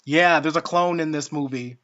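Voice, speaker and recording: A woman's voice: deep voice, moderate pace, a bit bright. A woman giving a casual spoken film review, ranting in an exasperated, profane way. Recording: dull lo-fi sound.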